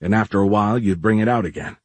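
A man reading the lines of a weary, resigned man who works with tech, speaking in a tired, musing way with a low, husky voice. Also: fast, no echo, natural voice.

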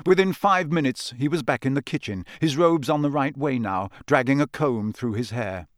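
A man reading a story aloud as audiobook narrator in steady storytelling. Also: mid-range voice, normal speed, dry recording, clean studio sound. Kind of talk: scripted narration.

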